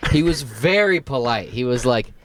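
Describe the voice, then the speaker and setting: A man co-hosting a podcast, telling a story in casual chat, animated and laughing often as he acts out quotes. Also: mid-range voice, normal speed, background noise. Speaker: podcast co-host.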